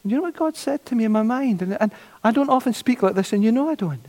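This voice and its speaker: A man preaching a sermon, animated, repeating his phrases and acting out the voices of doubters. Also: extremely high pitch, fast talker. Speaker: pastor. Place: church. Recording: long church reverb.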